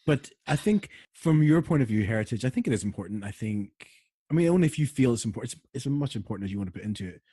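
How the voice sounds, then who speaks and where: A Northern Irish man co-hosts a podcast in relaxed banter, his voice husky and recorded dry and close. He rambles, jokes and slips easily into giggles, at a middling pitch. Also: very fast, dry recording. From Northern Ireland. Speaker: podcast co-host. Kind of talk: casual chat.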